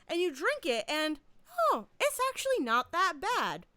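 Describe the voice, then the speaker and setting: A woman co-hosting a podcast, telling a story in a casual, animated way and laughing often. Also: very high-pitched, normal speed, no echo. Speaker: podcast co-host. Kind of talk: casual chat. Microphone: podcast mic.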